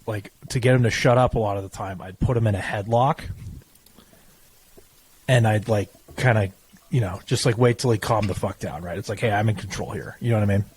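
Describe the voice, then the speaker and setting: Husky young man telling profane stories. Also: lowish voice, fairly quick, rough recording. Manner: profane, animated storytelling. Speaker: podcast co-host. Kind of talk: casual chat.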